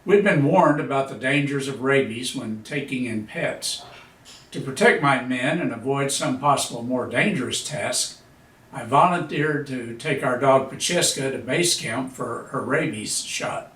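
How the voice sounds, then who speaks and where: A man's voice: mid-range voice, measured pace, fairly bright tone. A man in his seventies, a veteran, reading his own memoir aloud in a dry, understated storytelling manner. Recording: echoey room, voice a bit far from mic.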